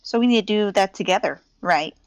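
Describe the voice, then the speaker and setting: A woman's voice: medium pitch, fairly quick, no echo, close to an everyday voice. A woman voicing a confident, teasing young woman adventurer in a tabletop role-play game. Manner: cheeky, playful.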